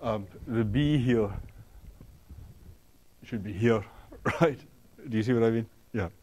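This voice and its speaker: A man giving a university lecture, talking in a halting way with many ums and restarts, often checking in with the students. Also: medium pitch, a little mellow. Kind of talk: classroom lecture. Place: lecture hall.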